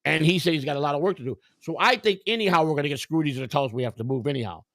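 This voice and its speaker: A man hosting a stream over a video call, telling stories in a loose, animated, foul-mouthed way. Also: fairly high pitch, racing, no room sound, studio quality. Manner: animated storytelling, heavy swearing, mimics a pleading neighbor. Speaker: stream host. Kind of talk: casual profane chat on a video call.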